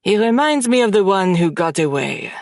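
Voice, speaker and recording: A woman's voice: medium pitch, sing-song, moderate pace, dry recording, studio quality. A woman voicing a sardonic young French man who teases but cares for his stepsister, in an audiobook. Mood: playful.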